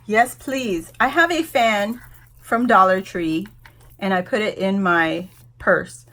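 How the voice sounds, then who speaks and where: A woman in her forties from Guam hosts a casual unboxing vlog at home on YouTube, speaking slowly at a medium pitch. She gushes, laughs often, and is close to tears with excitement.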